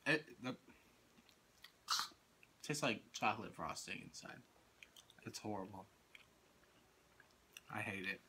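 A man's voice: lowish voice, animated, takes it slowly, long pauses, pushed and bright. A man co-hosting a casual snack-tasting vlog, laid-back, slangy and teasing. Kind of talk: casual chat. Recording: noisy background with crinkling wrappers.

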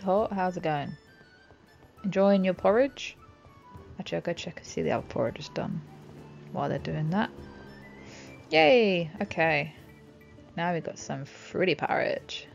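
A woman chatting casually over her gameplay, often giggling and talking to herself. Her voice is low and gravelly, with a creaky edge. Game music sits behind her on a dull, lo-fi recording. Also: darkish tone. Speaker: gaming channel host. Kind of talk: casual let's-play commentary.

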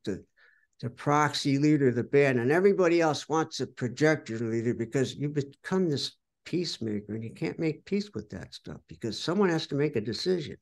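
Older american guy, rock musician, gravelly voice, swearing a lot while he tells old band stories and quotes people. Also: fairly high pitch. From United States. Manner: blunt, profane, retells conversations in quotes. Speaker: rock guitarist and songwriter, interview guest. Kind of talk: candid storytelling in an interview.

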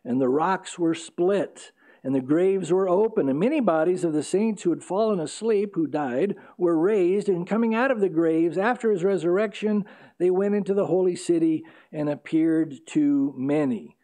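A male pastor preaching an earnest expository sermon, pausing on fillers and correcting himself as he goes. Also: high voice, warm tone. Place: church sanctuary.

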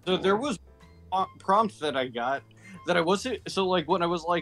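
A man's voice: high-pitched, expressive, normal speed, a bit bright. A man with a slightly raised voice chats with his friends on a game call. He keeps laughing in the middle of his sentences. Faint music plays in the background. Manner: giggly, chatty, laughs mid-sentence. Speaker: guest player on a call. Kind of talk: casual chat on a game stream.

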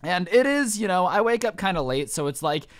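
A young man spinning a casual storytime anecdote, sarcastic and rambling with plenty of fillers. His voice sits high for a man. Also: sing-song, a little fast, a bit bright, no echo, clean studio sound. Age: young adult.

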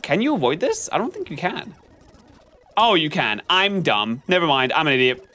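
A man streaming gameplay commentary, chatting with his viewers in an animated, self-mocking and melodramatic way. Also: fairly high pitch, normal speed. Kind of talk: live-stream gameplay commentary, reading chat.

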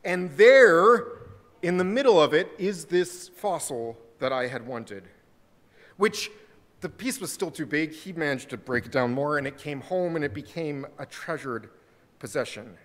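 A man's voice: a little high, measured pace. A man, a pastor giving a storytelling sermon in a church sanctuary. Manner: storytelling, warm and conversational. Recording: church sanctuary with long reverb.

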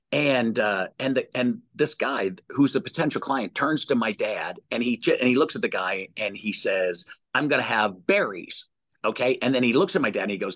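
A man telling lively stories as an interview guest, with many restarts and repeated words. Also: medium pitch, dry recording. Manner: animated storyteller with many restarts. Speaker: executive search guest. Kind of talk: storytelling interview answers.

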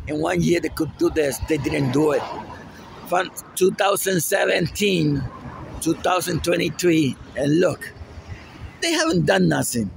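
A man with a Puerto Rican accent, a native Spanish speaker, ranting indignantly in a vlog outdoors near a road, shouting and repeating phrases. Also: on the high side, gravelly, background noise. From Puerto Rico. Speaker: vlogger. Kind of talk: angry outdoor vlog rant.

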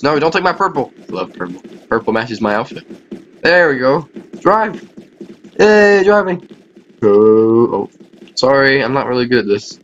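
A man's voice: lowish voice, muffled recording, slight background noise. A man giving casual, self-mocking let's-play commentary on a game, talking to viewers and laughing often. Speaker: gaming YouTuber.

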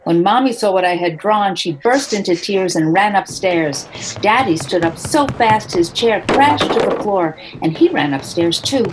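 Gentle woman reading a picture book. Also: medium pitch, a little slow, a little hiss or hum, poor audio. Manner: gentle, expressive storytelling. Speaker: author reading her book. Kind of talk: children's picture book read-aloud.

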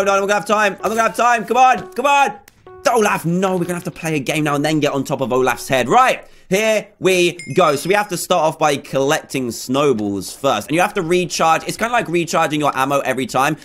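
A man hosting a gaming video, giving excitable let's-play commentary with lots of repeated phrases and panicked exclamations. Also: on the high side.

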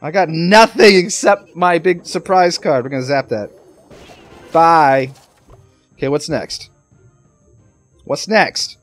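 A man giving excitable live commentary over his own gameplay, talking to the game and to his viewers. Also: on the high side, takes it slowly, pauses often, faint music behind. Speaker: gaming commentator.

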